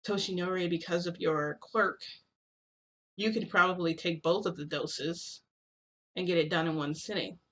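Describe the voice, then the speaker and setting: A woman's voice: fairly low pitch, steady tone, normal speed, a bit bright. A woman voicing a matter-of-fact male doctor. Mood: calm.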